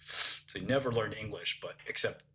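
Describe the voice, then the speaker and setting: A man's voice: on the low side, moderate pace, bright, forceful tone, a little hiss or hum. A man casually telling prison anecdotes, acting out quotes and laughing at his own jokes. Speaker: podcast host telling prison stories.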